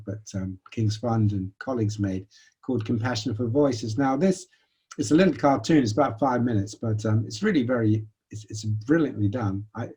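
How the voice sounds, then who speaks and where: A man giving a lecture, telling a personal story in a conversational, animated way. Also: on the low side, slightly rough.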